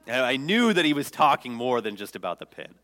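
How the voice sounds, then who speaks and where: Lively male pastor preaching in a reverberant hall. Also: medium pitch, a little fast. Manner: lively storytelling, jokes and acts out quotes. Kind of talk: sermon.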